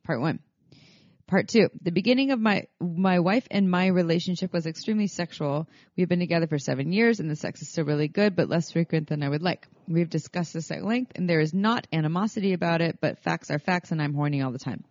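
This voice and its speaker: A podcast co-host in casual chat, relaxed and rambling, with many fillers. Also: medium pitch, brisk, dry recording, lo-fi sound.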